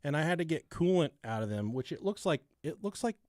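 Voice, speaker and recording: A man's voice: fairly high pitch, sing-song, brisk, a little mellow, no echo, studio quality. A man co-hosting a podcast, telling a true-crime story and chatting casually, swearing and laughing at his own jokes. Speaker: podcast co-host.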